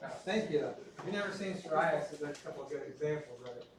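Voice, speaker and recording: A middle-aged man lectures an anatomy class in a loose, chatty way, with joking asides. His voice sits a little high for a man. The recording catches him from well back in a heavily echoing classroom. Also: lively intonation, fast, a crowd in the background. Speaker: anatomy instructor. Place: large echoey classroom. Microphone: recorded from a distance. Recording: echoey classroom from far off.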